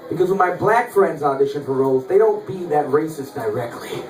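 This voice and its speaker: A man's voice: a little high, brisk, loud music behind the voice. A man performing a stand-up comedy set in the back room of a bar, telling stories with wry timing and acting out the dialogue. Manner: animated, wry storytelling with acted-out dialogue. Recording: echoey bar room, mic at a distance, audience laughter. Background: live audience laughing.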